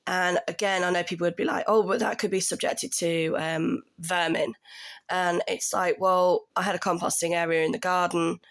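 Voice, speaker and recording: A woman's voice: fairly low pitch, level tone, normal speed, gravelly, fairly bright tone. A woman in her thirties, a tenant telling her story in a casual, indignant rant that climbs into raised exasperation.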